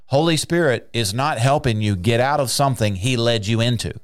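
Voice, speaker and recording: A man's voice: medium pitch, brisk, smooth, no room sound, clean studio sound. A man preaching an earnest sermon, urging listeners with repeated phrases and frequent restarts.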